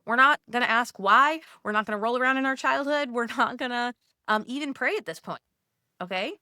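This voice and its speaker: Her voice sits a little high and moves fairly quickly, with a clean tone and no echo in a clean studio recording. Guiding Catholic moms step by step, she keeps it casual and conversational, gently coaching and often dropping in "like."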